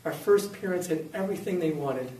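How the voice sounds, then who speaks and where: A high-voiced man tells a personal story with animated acted-out quotes. He sounds a little distant from the mic, in a room with a noticeable echo. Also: a little fast. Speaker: speaker giving a faith testimony. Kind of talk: storytelling talk.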